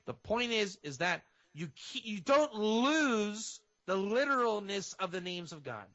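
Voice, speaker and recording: A man, a rabbi and guest on a radio show, teaching in an animated way and sometimes acting out fervent prayer. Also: sits high, measured pace. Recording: dull lo-fi radio audio.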